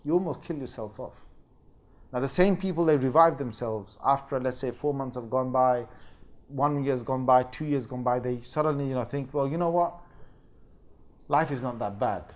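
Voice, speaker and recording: A man teaching a religious lecture, telling the story in a lively way and acting out quoted voices and fake crying. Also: mid-range voice, normal speed. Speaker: Islamic teacher.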